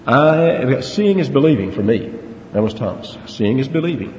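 A man preaches an expository sermon on a Bible passage with earnest emphasis, stressing words and raising rhetorical questions. He has a mid-range, darkish voice with lively intonation at normal speed. Sound is lo-fi and dull, with faint hiss and the echo of a hall.

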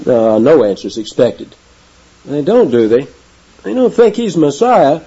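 A man preaching a sermon with emphatic delivery, rising high on key words. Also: sing-song, a little slow, warm tone, husky. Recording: dull lo-fi sound.

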